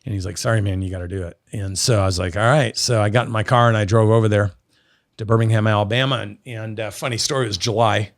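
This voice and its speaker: A middle-aged Oregon man, a business guest in an interview, speaks on the low side and talks fast. He tells animated stories and acts out the quoted dialogue, and the recording is dry and studio quality.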